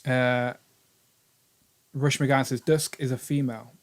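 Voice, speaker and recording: A young man hosting a casual live stream, upbeat and animated as he reads out viewer comments. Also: mid-range voice, unhurried. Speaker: show host.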